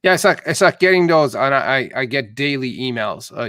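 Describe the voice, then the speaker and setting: A man's voice: mid-range voice, lively intonation, a little fast, few pauses, a bit bright, no echo. Agreeable male host, dry sound. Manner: agreeable, laughs along, short affirmations. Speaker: podcast host. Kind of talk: casual interview chat.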